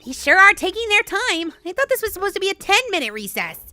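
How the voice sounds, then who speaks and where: A woman's voice: extremely high pitch, very animated, fast talker, sharp tone, no echo, faint music behind, voice pushed up, exaggerated voice. A woman voicing a cocky, brash young male sidekick in a game read-through. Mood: smug. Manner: brash, boastful.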